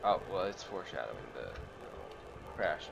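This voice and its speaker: A man's voice: deep voice, very animated, normal speed, vocal fry, noisy background. A man playing through a game and reacting in loose, profane, emotional commentary. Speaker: let's-play gamer. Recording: dull lo-fi sound.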